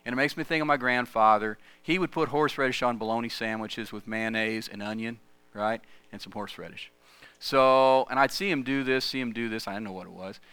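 A middle-aged man delivers a sermon in a chatty, storytelling way. His voice is bright and smooth, recorded close and dry with no room sound. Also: mid-range voice, brisk, no room sound. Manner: conversational, lively storytelling. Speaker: pastor. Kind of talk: sermon with personal stories.

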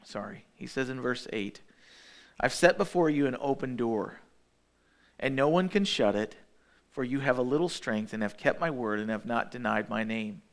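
A man preaching a sermon as pastor, walking through Bible verses one by one and acting out quoted voices with sudden high bursts. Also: normal speed.

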